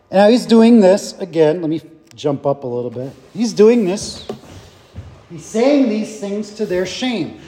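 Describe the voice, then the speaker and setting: A man's voice: sits high, dark tone, long reverb tail. A man leading an informal Bible study, teaching conversationally and putting questions to his group.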